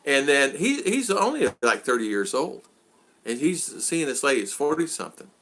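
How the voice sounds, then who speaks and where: Speaking at an ordinary speed in a slightly high voice, this older male vlog host keeps his video chat casual. He spins stories with lots of animation, performing quotes in an exasperated tone.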